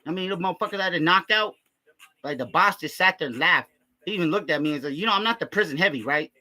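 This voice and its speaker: High, sharp-voiced man rambling crude jokes. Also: lively intonation, quick pace. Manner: crude, rambling, heavy profanity, constant filler "man". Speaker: comedy vlogger. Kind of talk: improvised comic storytelling.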